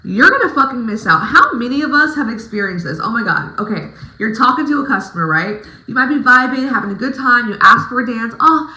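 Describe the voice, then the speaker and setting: A woman's voice: a little high, expressive, a little fast, few pauses, sharp tone, echoey room, poor audio. A woman giving casual vlog advice as a dancer coaching other dancers, talking emphatically with plenty of swearing. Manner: emphatic, profane, pep-talk delivery.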